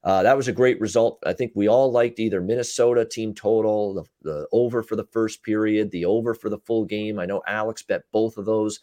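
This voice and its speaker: A man co-hosting a sports betting podcast, recapping games in casual chat with frequent filler pauses and a North American accent. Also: on the low side, warm tone, no echo, studio quality. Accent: North American English. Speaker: podcast co-host, betting analyst.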